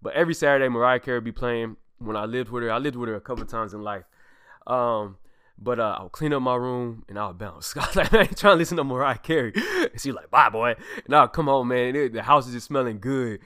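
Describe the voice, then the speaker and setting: Smooth-voiced young man telling stories. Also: medium pitch, fast, bright, forceful tone, dry recording, clean studio sound. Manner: casual, emphatic, loose slang, voices quotes animatedly. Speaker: podcast host. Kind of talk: heartfelt personal storytelling.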